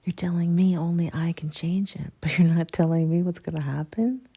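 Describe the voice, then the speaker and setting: Whispered role-play: woman doing a flustered young woman, husky, quicker whisper. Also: fairly low pitch, fairly even intonation, mellow. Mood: bewildered. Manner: flustered, questioning. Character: bewildered young woman lost in the woods.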